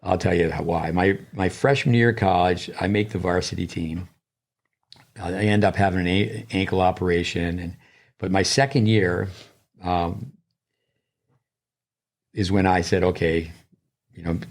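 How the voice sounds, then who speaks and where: A man's voice: deep voice, steady tone, moderate pace, long pauses. An older man, a tennis coach and podcast co-host, telling long digressive stories in casual chat, with many restarts.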